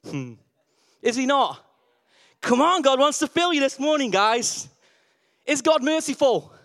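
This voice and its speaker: Guy preaching, pretty high voice, keeps asking the crowd stuff and repeating himself. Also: sing-song, measured pace, fairly bright tone. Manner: call-and-response questions, emphatic repetition. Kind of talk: lively sermon.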